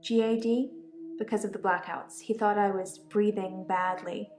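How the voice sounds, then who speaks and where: A woman voicing an odd young patient with blackouts, speaking calmly and unbothered, in echoey game audio. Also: medium pitch, normal speed, over music, natural voice.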